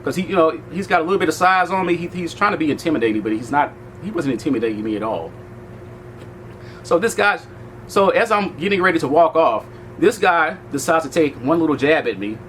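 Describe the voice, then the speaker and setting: A man vlogging, retelling a heated run-in in a casual, animated way, later chatting outdoors at an event venue. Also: a little high, a little fast, a little hiss or hum, rough recording. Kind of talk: casual storytelling to camera.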